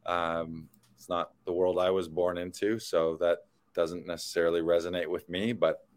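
Canadian guy w/ a lowish voice, chatty podcast host, rambles with lots of ums and uhs. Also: monotone, moderate pace. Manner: rambling storyteller, many fillers. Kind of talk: casual chat.

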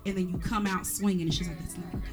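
A married woman in a casual group conversation, telling stories with lively acted-out dialogue. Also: on the low side, rapid-fire, soft background music. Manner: animated storyteller, acts out quoted dialogue.

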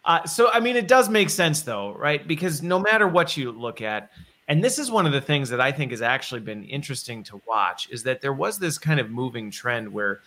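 Bright-voiced man hosting a conversation. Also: mid-range voice, animated, fairly quick. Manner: thinks aloud, restarts and rephrases. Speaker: podcast host. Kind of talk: conversational interview.

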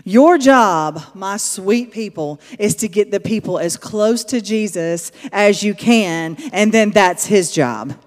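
A woman telling stories to a church audience in an animated sermon style, going from loud to hushed. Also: mid-range voice, measured pace, hardly any pauses, long reverb tail. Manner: animated storyteller, swinging between loud and hushed. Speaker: speaker addressing a church.

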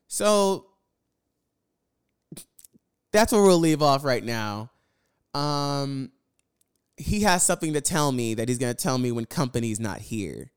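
A young man rants to his viewers in a storytime vlog, swearing freely and circling back over the same phrases. His pitch leaps and dips widely as he talks, and his voice comes through smooth and resonant. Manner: profane, exasperated, repeats phrases. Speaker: vlogger.

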